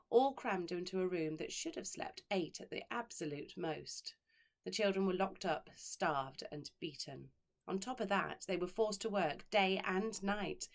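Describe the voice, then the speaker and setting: A woman who teaches primary school, reading a children's story aloud with expressive delivery and dramatic pauses. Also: on the low side. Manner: expressive, dramatic pauses, slows on key words.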